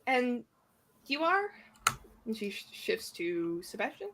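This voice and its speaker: A woman's voice: fairly high pitch, big pitch swings, slow, noisy background. A woman playing a tabletop game, chatting casually and laughing easily. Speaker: player.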